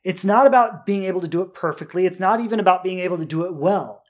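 A man with a high voice for a man talks through listener questions as a relationship coach. He is earnest and direct, and he often adds "right?" to check that the listener follows. His tone is that of a coaching show. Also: fast, darkish tone.

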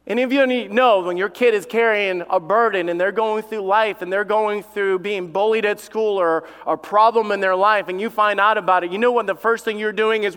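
A male pastor preaching with fervent, repetitive emphasis, his voice sitting a touch higher than most men's. He weaves family stories into the sermon. The sound carries a long reverb from a large church hall. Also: fairly even intonation, normal speed, few pauses, fairly bright tone, smooth. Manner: tells family stories from the pulpit. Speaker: lead pastor.

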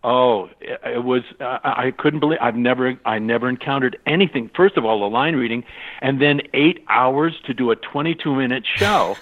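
An older man from California tells stories at a mid pitch, jumping into impressions of the people he describes. His voice comes through a narrow, tinny phone-line sound. He sounds lively and conversational. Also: normal speed. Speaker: voice actor guest. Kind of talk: anecdotal storytelling.

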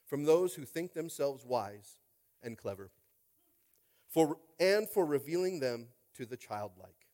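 A man preaching a sermon in an animated way, tossing out call-and-response asides and swinging from loud to hushed. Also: medium pitch, moderate pace. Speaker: pastor.

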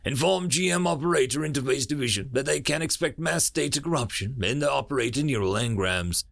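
A man's voice: mid-range voice, animated, fairly quick, creaky, fairly bright tone, no room sound, studio quality. A man voicing a stern, commanding male digital war-being who speaks with a cold, hard edge and snarls.

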